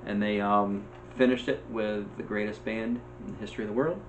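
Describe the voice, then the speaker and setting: A man's voice: fairly low pitch, steady tone, a little fast, background noise. A man co-hosting a casual movie podcast, hesitant and agreeable, with lots of ums. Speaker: podcast co-host.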